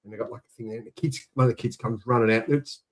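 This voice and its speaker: An Australian man in his sixties telling a jokey yarn in casual chat, animated when he quotes others. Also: medium pitch, rapid-fire. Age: 60s. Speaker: co-host.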